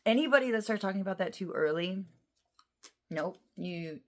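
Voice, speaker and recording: A woman giving a casual tarot reading to her viewers, emotional and excitable, rambling with lots of restarts and half-finished thoughts. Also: medium pitch, normal speed. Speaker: tarot reader.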